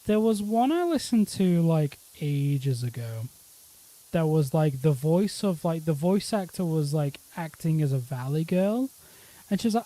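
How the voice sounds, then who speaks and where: Slow, mellow British man streaming. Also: on the high side, very animated. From Britain. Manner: drifting, offhand musing with swearing and quiet laughs. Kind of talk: casual gaming stream chat. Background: faint lo-fi music.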